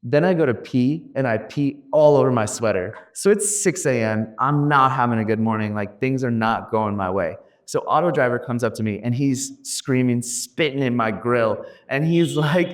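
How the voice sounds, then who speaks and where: A man, a startup founder guest telling animated, slang-heavy stories on a podcast. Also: medium pitch, normal speed, hardly any pauses. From USA. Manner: slangy, animated, laughing storyteller. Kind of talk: casual podcast storytelling.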